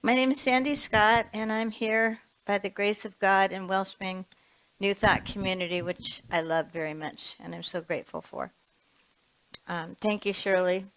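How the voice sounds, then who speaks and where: A woman's voice: medium pitch, fairly even intonation, normal speed, fairly bright tone, smooth, rough recording. A woman in her seventies, a reverend, giving a chatty sermon with storytelling and laughs. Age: 70s.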